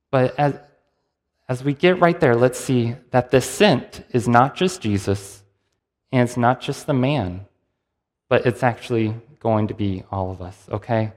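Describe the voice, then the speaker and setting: A man preaching a sermon in a conversational, storytelling way, acting out the people in the passage as he goes. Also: mid-range voice. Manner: conversational, lively storytelling with acted-out quotes. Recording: long hall reverb.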